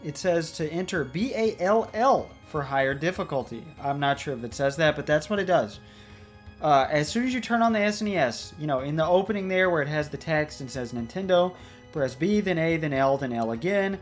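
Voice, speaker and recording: Chatty let's player with a lively voice. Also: mid-range voice, a little fast, faint music behind. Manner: chatty, rambling. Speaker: let's play host. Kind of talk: casual gameplay commentary.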